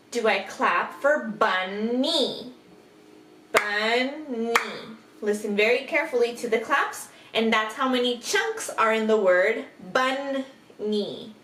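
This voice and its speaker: Woman, kindergarten teacher; very slow, drawn-out delivery, a touch high, recorded off-mic in an echoey room. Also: a bit bright, distant mic. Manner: slow, drawn-out, exaggerated sounding-out of letters and words; patient, encouraging teacher talk with questions to the listener. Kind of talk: recorded phonics lesson for young children. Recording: echoey room, off-mic, faint background hiss.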